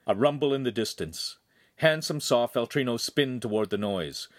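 A man's voice: mid-range voice, lively intonation, moderate pace, no room sound, studio quality. A man reading a young adult novel aloud as the narrator, telling an action scene vividly. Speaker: audiobook narrator. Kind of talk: scripted narration.

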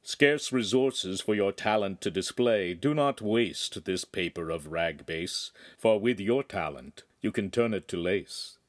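A man's voice: sits low, lively intonation, unhurried, hardly any pauses, dry recording, studio quality. A man voicing an old male monk elder who speaks solemnly in rhyme. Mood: sage. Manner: solemn, rhyming sayings.

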